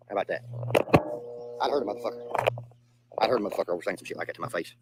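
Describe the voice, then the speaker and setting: A man's voice: lowish voice, quick pace, pauses often, music in the background, rough recording. A young man with a Southern US accent who streams live and reacts to his chat in a blunt, profane, casual way, often repeating himself. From Southern United States. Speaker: livestreamer reading chat.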